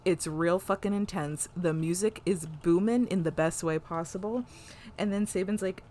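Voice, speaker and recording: A woman co-hosting a podcast, recapping an episode in casual, animated chat full of "like" and swearing. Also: on the low side, normal speed, slight background noise. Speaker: podcast co-host.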